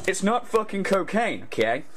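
A man's voice: high voice, big pitch swings, moderate pace, a bit bright, a little hiss or hum, heavily acted. A man putting on an exaggerated parody of a male streamer, rambling and stammering while making noodles. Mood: fussy.

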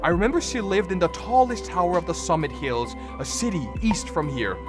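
A man voicing an old, guarded male wizard who talks slowly in a hushed, secretive way. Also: high voice, animated, over music.

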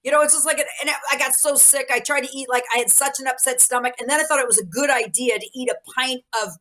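A woman in her fifties, a coach and speaker, talking in a podcast interview in an energetic, emphatic, storytelling way. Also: sits high, quick pace.

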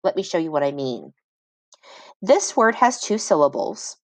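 Slow, careful woman reading teacher. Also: low voice, big pitch swings, no echo. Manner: slow, sounds out each part of a word. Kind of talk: phonics lesson for children.

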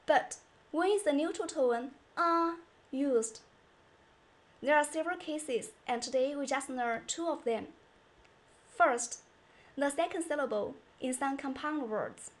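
High-pitched woman teaching a lesson, talks real slow and clear. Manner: slow, carefully enunciated, demonstrating tones. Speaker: Chinese teacher. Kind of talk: scripted language lesson.

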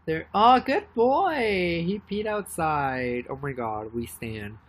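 A young woman chatting casually on a live stream, rambling and excitedly thanking viewers by name. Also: low-pitched, slow pace. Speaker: livestreamer.

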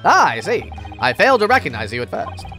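A woman's voice: low-pitched, sing-song, brisk, a bit bright, faint music behind, voice pushed down. A woman voicing a pompous, oblivious British detective who speaks very formally.

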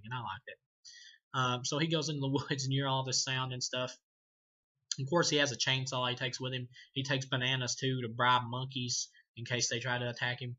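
A man's voice: medium pitch, sharp tone, lo-fi sound. A man casually reviewing a movie, rambling, swearing and laughing often as he talks. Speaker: film reviewer.

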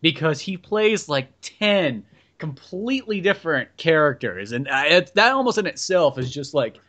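A man's voice: a little high, moderate pace, dull audio. A man co-hosting a podcast, chatting casually about films in a rambling, good-humored way. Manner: lively, rambling, chuckling asides. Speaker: podcast co-host. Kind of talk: casual movie chat.

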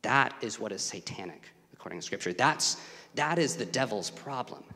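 A man preaching a sermon in a church sanctuary, his voice carrying a long hall reverb. He is animated, climbing to raised, emphatic passages and then dropping to hushed asides. His pitch sits mid-range for a man. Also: normal speed. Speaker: guest preacher, student ministry director.

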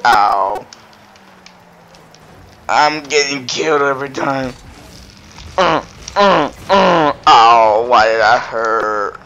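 A man's voice: medium pitch, animated, very slow, creaky, long pauses, pushed and bright. A man giving casual gameplay commentary, giggling and playing up mock anger with lots of rambling filler sounds. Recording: dull lo-fi mic with faint noise.

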